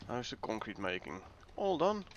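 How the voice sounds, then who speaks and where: This gaming livestreamer from the Netherlands speaks with a Dutch accent in a mid-range voice at normal speed. Relaxed and chatty, he explains the game and welcomes viewers, though the audio is dull with a faint hiss or hum.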